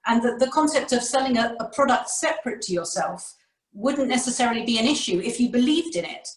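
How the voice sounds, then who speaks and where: A woman's voice: a little high, expressive, brisk. A woman with a British RP accent, an audiobook narrator speaking in a reflective, wry way as a guest on a casual panel chat over a video call. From Britain. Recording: roomy, distant mic.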